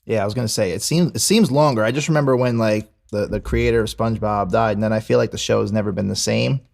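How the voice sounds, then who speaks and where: A man's voice: lowish voice, fast, gravelly, a little mellow. Laid-back, crude male podcast co-host. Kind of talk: casual chat.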